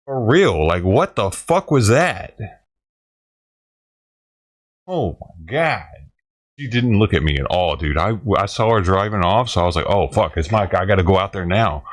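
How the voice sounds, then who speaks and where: In a casual ranting vlog, a man who feeds stray cats gets agitated about a neighbor, swearing and laughing as he goes. He has a low-pitched voice with lively intonation and speaks at a moderate pace.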